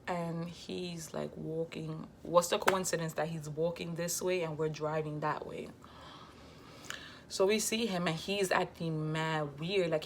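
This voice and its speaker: A young woman, telling a casual storytime in a lively, slangy way and quoting herself and others. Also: deep voice, slight background noise. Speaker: vlogger.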